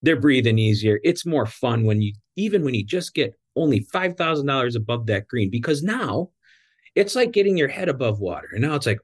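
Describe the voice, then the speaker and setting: The CEO of a dental practice coaching company, appearing as a guest, gives an interview answer explaining financial terms. He speaks at a medium pitch with big pitch swings, in a measured, methodical way with some fillers.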